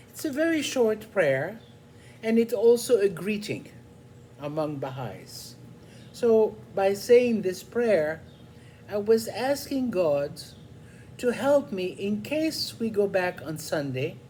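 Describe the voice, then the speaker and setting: Slow, reflective older man storyteller. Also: high voice, warm tone, slight background noise. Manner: unhurried, reflective, with frequent pauses and fillers. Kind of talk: personal storytelling.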